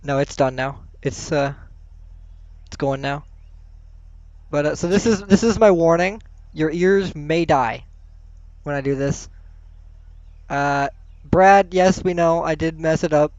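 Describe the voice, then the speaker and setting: Giggly young-sounding caster, dull lo-fi mic. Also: male voice, on the high side, takes it slowly, pauses often, darkish tone, dry recording. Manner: playful, giggly, self-mocking. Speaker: esports tournament caster. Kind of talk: casual live-stream commentary.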